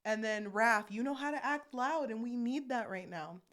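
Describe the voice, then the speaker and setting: Young female podcast co-host recapping a film, animated delivery, slips into the characters' voices, casual chat. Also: on the high side, moderate pace. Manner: animated, acts out character lines while recapping. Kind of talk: casual chat retelling a movie plot.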